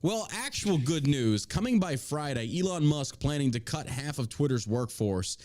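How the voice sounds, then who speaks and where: A man's voice: a little high, big pitch swings, moderate pace, a little mellow. A man hosting a crude comedy podcast, swearing often, mocking the news and dropping into silly put-on voices. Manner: profane, mocking, slips into put-on accents for jokes. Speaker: podcast host.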